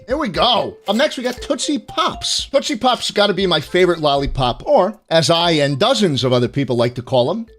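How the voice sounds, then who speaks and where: Sarcastic, crude man with a high, wildly swinging voice. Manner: crude, sarcastic, swears freely; mock-outraged, deadpan jokes. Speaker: host. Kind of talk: comedic candy-ranking commentary. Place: home streaming setup.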